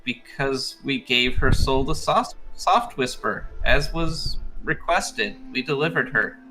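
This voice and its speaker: A man's voice: medium pitch, expressive, slow pace, over music, rough recording. A man playing a tabletop game, answering in a wry, sarcastic way. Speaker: player.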